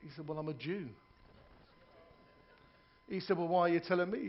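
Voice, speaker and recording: Stand-up comedian on a ship's stage. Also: male voice, sits high, moderate pace, muffled recording. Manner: joke-telling with voiced characters and asides to the audience. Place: ship's theatre lounge.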